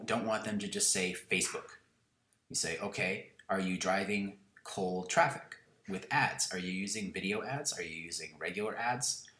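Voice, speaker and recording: A man teaching a recorded online lesson, his voice sitting on the lower side. He is instructive and deliberate, slowing down to repeat each key question word for word. The room around him is echoey. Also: fairly bright tone. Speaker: course instructor.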